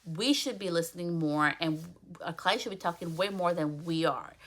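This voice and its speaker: A young woman hosting a casual solo business podcast, chatty and animated as she acts out conversations with her salon clients. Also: lowish voice, normal speed. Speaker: podcast host and hairstylist.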